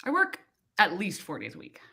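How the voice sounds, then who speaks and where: A woman's voice: medium pitch, a little fast, vocal fry, slightly rough. A woman chatting casually on a video call, telling a work story with lots of acted-out quotes. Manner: animated storyteller, acts out quoted people. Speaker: co-host of a reading sprint livestream. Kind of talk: casual chat.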